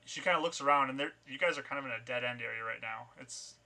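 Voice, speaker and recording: A man running a tabletop game as its game master. He describes each scene step by step in a very bright, sharp voice, pausing with fillers and restarting phrases as he goes. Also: medium pitch, gravelly.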